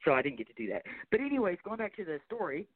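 A man hosting an online radio show rambles along, short of breath, with plenty of fillers and apologies. His voice sits a little high for a man. It comes through a tinny, bone-dry phone line. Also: big pitch swings, very fast, dry recording. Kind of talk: casual online radio chat, reading a long post aloud.

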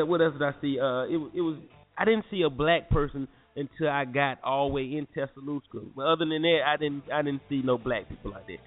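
A young man from North Carolina, animated and slangy, telling a story to listeners as a podcast host. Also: medium pitch. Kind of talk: casual storytelling. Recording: phone-like lo-fi audio with faint music.

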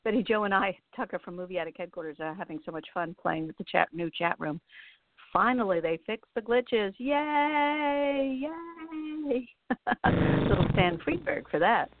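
A woman's voice: lowish voice, brisk, no room sound. Chatty woman host on a tinny line. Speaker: show host. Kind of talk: casual chat.

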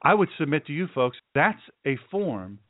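A pastor hosting his own show preaches in a forceful, emphatic way, repeating key phrases for effect. His voice sits a bit higher than most men's. It comes across dry and tinny, like a phone call, with no room sound. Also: sing-song, normal speed, no room sound.

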